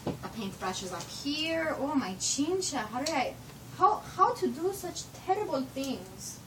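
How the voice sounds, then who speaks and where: A young woman, a roommate, is recorded at home from a distance on noisy video as she giggles through a playful foreign-accented act in broken English, stray "to the" included. She speaks in a high, sing-song voice at a measured pace.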